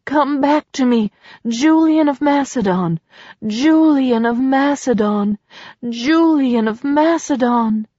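A woman's voice: fairly high pitch, unhurried, a little mellow, slightly rough, no echo. A woman voicing a heartbroken young woman who pleads tearfully for her lost lover, in a storybook reading. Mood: pleading. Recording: slightly dull dry recording.

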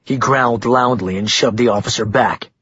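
A man narrating an audiobook in a steady storytelling manner. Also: medium pitch, normal speed, breathy edge, dry recording. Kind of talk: scripted narration. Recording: dull dry muffled recording.

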